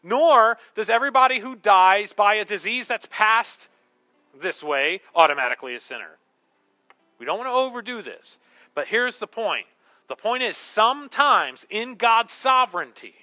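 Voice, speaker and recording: A man preaching a sermon as pastor, swinging between hushed, slow words and loud, emphatic ones. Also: sits high, expressive.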